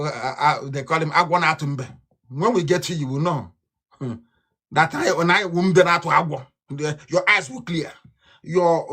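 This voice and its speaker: A Nigerian man giving a fiery live broadcast speech, ranting and repeating himself, swinging between loud outbursts and low mutters. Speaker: political broadcaster.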